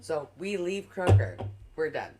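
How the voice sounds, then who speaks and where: A woman's voice: sits low, very animated, a little slow, loud music behind the voice. A woman, a podcast co-host, tells a funny story with lots of swearing and acts out the voices. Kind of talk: animated casual storytelling.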